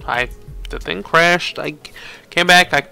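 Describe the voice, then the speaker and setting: Guy mumbling through a game, stop-start commentary, crisp clear voice, soft music underneath. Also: a little high. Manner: halting, thinking aloud. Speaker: let's play host. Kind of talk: casual gameplay commentary.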